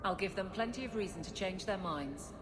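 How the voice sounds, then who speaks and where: A woman's voice: mid-range voice, lively intonation, a little fast, lightly acted. An actress playing a tough, defiant female guard in a game. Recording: game audio with background noise.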